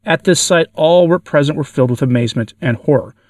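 A man narrating a religious story aloud in a measured way, with occasional stumbles. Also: on the high side, darkish tone, dry recording. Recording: dry, from far off the mic.

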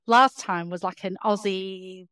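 Woman, co-host, hesitant casual talk, smooth voice. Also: medium pitch, steady tone, measured pace, sharp tone, dry recording, studio quality. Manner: hesitant, many fillers like "you know". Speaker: podcast co-host. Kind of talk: casual chat.

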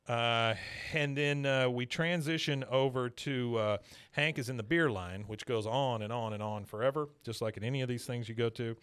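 Podcast co-host, male, mid-pitched, playful recapper with put-on voices, dry close sound. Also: normal speed, a bit bright, clean tone, no room sound. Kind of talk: casual chat.

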